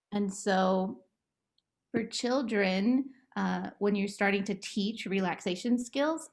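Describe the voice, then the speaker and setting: A woman therapist talking about her work and gently guiding a relaxation game for children, in a slow, coaxing way. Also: mid-range voice. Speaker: play therapist. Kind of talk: guided relaxation script for children.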